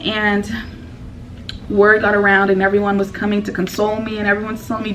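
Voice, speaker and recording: A woman's voice: medium pitch, flat delivery, fairly quick, far from the mic, highs cut off, a little hiss or hum. A woman telling a personal story in a casual vlog, rambling and emotional with lots of fillers.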